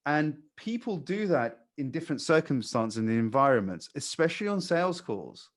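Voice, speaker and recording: Blunt, calm male sales trainer. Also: fairly high pitch, normal speed. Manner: calm, blunt, with casual swearing. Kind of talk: coaching new hires.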